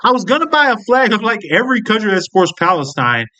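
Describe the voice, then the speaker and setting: A man's voice: high voice, very animated, fast, bright, forceful tone. An American man giving casual, profane commentary, blunt and incredulous. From United States.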